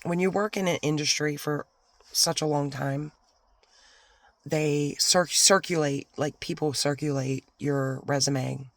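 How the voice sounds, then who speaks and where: A woman's voice: low-pitched, fairly even intonation, measured pace, no room sound. A woman vlogger rants her way through a storytime about a bad old job. She talks casually and heatedly, and drops now and then into whispered asides. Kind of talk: storytime rant.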